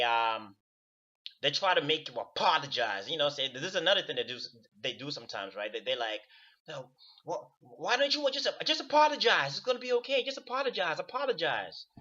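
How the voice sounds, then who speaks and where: Man, casual rant, emphatic and profane, bright edgy voice, muffled lo-fi sound. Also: medium pitch. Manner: emphatic, profane, repeats words for stress. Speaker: video commentator. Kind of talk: casual ranting monologue.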